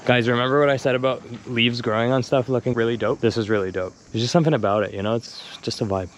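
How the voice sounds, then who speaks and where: A young man filming himself on an action camera while he walks hillside streets at dusk, talking to it in a rambling, joking way. His voice sits at an ordinary middle pitch. Faint crickets chirp behind him. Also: fairly even intonation, fast talker, a little hiss or hum. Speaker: travel vlogger. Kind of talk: casual vlog talk to camera. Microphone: handheld action camera.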